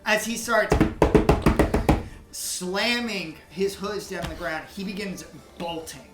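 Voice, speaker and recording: A woman's voice: fairly low pitch, slow, over loud music. Giggly woman game master, echoey room. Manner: giggly, rambling narration with many restarts. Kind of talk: narrating a tabletop game.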